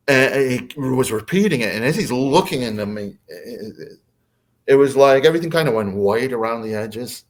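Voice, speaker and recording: A man's voice: mid-range voice, animated, moderate pace. A man who is a podcast guest, telling a story casually and hesitantly, with many fillers.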